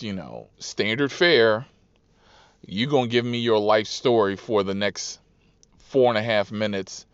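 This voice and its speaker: Animated, profane man telling driving stories. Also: lowish voice, dry recording. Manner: profane, animated, acts out riders' voices. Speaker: rideshare driver and podcast host. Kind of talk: casual storytelling monologue. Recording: dull, dry lo-fi recording.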